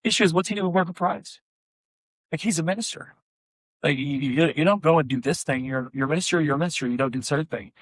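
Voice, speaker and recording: A man's voice: on the high side, fast, dry recording. A man, a pastor, giving a conversational workshop talk, animatedly telling stories and acting out both sides of conversations. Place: conference room.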